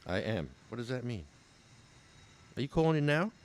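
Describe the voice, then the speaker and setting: A man's voice: medium pitch, very animated, normal speed. A man ranting with sarcasm as a cannabis patient activist, livestreaming from an outdoor protest on his phone.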